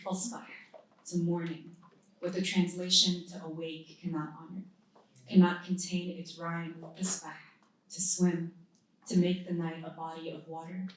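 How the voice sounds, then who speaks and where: Poet, woman in her thirties, low steady voice, live reading in a very echoey hall, heard from a distance. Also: slight background noise. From United States. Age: 30s. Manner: measured, deliberate phrasing with pauses between lines. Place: indoor literary event venue.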